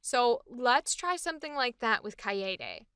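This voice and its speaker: A woman's voice: a little high, animated, unhurried, pushed and bright, clean tone, dry recording, clean studio sound. A woman voice actress chatting enthusiastically about a character she is voicing. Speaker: voice actress hosting a character series. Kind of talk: casual chat.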